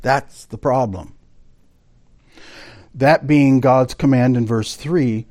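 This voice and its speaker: A man's voice: medium pitch, takes it slowly, dark tone. A man teaching a Bible study class, explaining a text and reading quotations aloud to his students. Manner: explanatory, quoting sources aloud, addressing the class directly.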